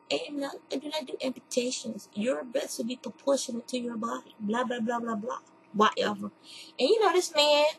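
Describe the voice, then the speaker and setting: A woman podcast host telling a candid personal story in a chatty, animated way. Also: medium pitch, vocal fry, a little hiss or hum, poor audio. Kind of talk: casual storytelling monologue.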